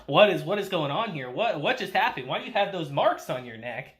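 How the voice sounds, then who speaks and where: A confused, earnest teenage girl who stumbles through her questions. Her voice is bright and moves a lot. A man acts her out while recapping an anime. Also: on the high side, sing-song, a little fast, pitched below the performer's own voice. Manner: hesitant, questioning.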